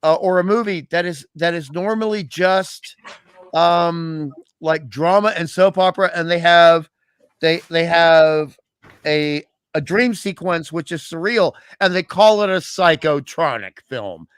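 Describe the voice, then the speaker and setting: Brief: male guest, wry and opinionated, a touch high, dry close sound. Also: measured pace, a bit bright, clean tone, no room sound. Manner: opinionated, wry, many restarts. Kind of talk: casual podcast chat.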